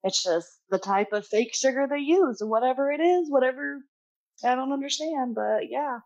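A woman pastry chef as a podcast guest, relaxed and chatty in casual conversation, laughing easily. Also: high voice, moderate pace, lo-fi sound. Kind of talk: casual chat.

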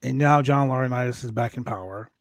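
A man's voice: mid-range voice, quick pace, no room sound, clean studio sound. A man hosting a casual podcast chat, blunt and profane, who often breaks into laughter. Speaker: podcast host.

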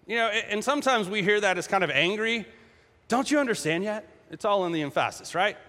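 A man preaching a sermon in a casual, humorous and animated way. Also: high-pitched, quick pace. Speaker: pastor. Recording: echoey hall.

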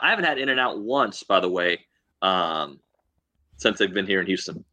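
A young adult man co-hosting a casual sports chat, joking and animated, teasing rival fans. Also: medium pitch, normal speed. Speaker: co-host.

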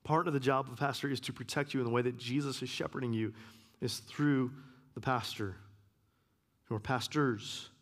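A man giving a sermon as a guest preacher, earnest, repeating key phrases and sometimes dropping to a hush. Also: medium pitch, fairly even intonation, moderate pace. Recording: long hall reverb.

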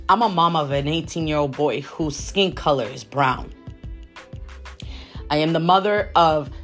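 A woman in her forties hosting a faith podcast, talking earnestly and repeating phrases for emphasis. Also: deep voice. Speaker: podcast host.

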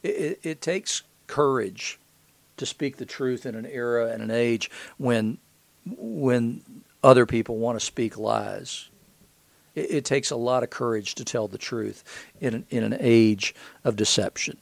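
Gravelly-voiced preacher, casual Bible teaching. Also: male voice, medium pitch, a little slow, no room sound. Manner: conversational, paraphrasing scripture in plain talk. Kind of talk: expository Bible sermon.

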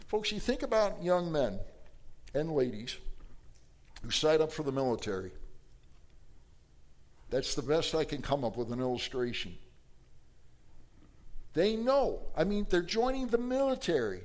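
A man's voice: unhurried, pauses often. A man teaching a Bible class verse by verse, quizzing his listeners and acting out the quoted lines. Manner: asks the class questions and acts out the quoted lines; animated, with sudden jumps in pitch and loudness.

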